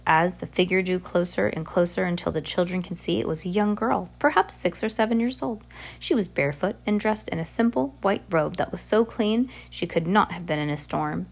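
Lady reading a kids' book aloud, lowish voice, steady pace, small stumbles. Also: gravelly. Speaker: audiobook reader. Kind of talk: storybook narration read aloud.

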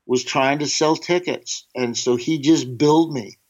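A comedian telling rambling stories in a casual interview, with lots of fillers and quick switches into a drawling character voice for quoted lines. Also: medium pitch, darkish tone. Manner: rambling anecdotes, slips into a drawling put-on voice for quotes. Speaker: comedian guest. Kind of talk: casual storytelling. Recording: dull lo-fi sound.

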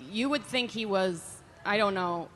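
A man co-hosting a live podcast, reacting with quick banter and skeptical asides. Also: high voice, sharp tone. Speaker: podcast co-host. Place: live show on a stage. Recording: reverberant live stage, faint background noise.

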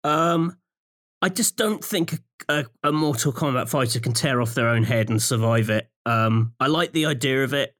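A man's voice: medium pitch, moderate pace, a bit bright. A man co-hosting a podcast, chatting casually with incredulous reactions and frequent laughter. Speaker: podcast co-host. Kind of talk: casual comedic chat.

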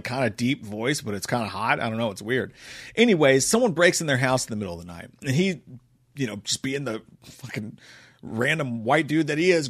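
A man casually recapping a movie in a rambling, profane, enthusiastic way. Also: medium pitch. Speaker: movie reviewer.

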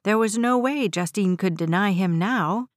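A woman's voice: medium pitch, normal speed, dry recording, clean studio sound. Woman reading a story aloud. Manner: steady, even storytelling. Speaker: narrator. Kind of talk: audiobook narration.

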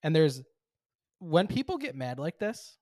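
A man's voice: a little high, very animated, a little slow, a little mellow, dry recording. Dry-sounding teasing podcast guy. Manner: laughs often, teasing, lays out hypotheticals. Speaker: podcast co-host. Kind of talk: casual podcast conversation.

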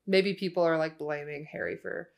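A young woman co-hosting a casual chat, throwing in quick questions and teasing replies. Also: low-pitched, steady tone, gravelly. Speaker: podcast co-host.

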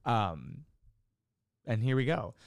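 A man rambles through a casual vlog chat about doing stand-up, full of fillers, restarts and casual swearing. His voice sits at an ordinary middle pitch. The sound is dry and close, with no room around it. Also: sing-song, slow pace, gravelly, no room sound. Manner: rambling, profane, many fillers. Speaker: amateur stand-up comic.

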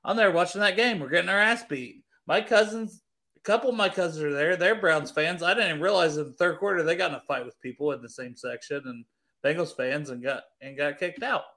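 A man telling a sports story in casual chat, animated and profane, laughing as he goes. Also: on the high side, fairly quick. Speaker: teacher.

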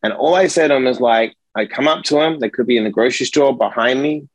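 A man's voice: medium pitch, quick pace, no room sound, poor audio. Emphatic, profane middle-aged man. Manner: emphatic, profane, animated storytelling. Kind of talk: casual podcast conversation.

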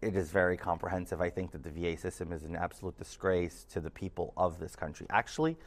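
A man with a low, deep voice hosts a loose political conversation. He chuckles often and stumbles, repeating words before he lands his point. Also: steady tone, fast. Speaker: podcast host and political candidate. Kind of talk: casual political chat.

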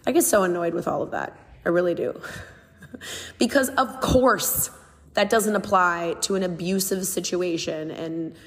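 A woman's voice: lowish voice, a little slow, in a large hall. A young woman talking casually and candidly on her own podcast, earnest and emphatic. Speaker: podcast host. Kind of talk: casual solo podcast talk.

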